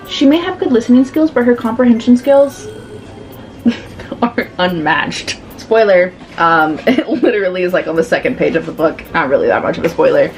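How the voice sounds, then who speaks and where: A woman chatting casually in a reading vlog, giving animated, sassy commentary on a book and laughing often. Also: medium pitch, moderate pace, soft background music. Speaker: book vlogger.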